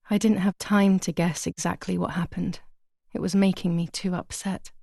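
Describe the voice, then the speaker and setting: A troubled young woman broods in a low, flat inner monologue. Her voice is mellow and gravelly, and the recording is dry and close. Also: dry recording. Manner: hesitant, brooding.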